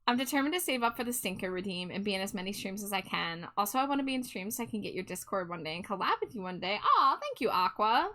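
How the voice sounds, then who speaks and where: Bright-voiced woman streamer chatting. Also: mid-range voice, animated, fast, hardly any pauses. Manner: chatty, reads chat aloud, laughs often. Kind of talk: casual chat while drawing on stream.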